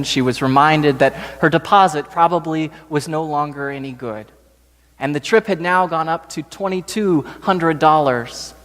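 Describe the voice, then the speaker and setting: Slow-telling pastor in a reverberant church. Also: male voice, on the high side. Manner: slow, gentle storytelling. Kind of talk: storytelling sermon. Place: church sanctuary.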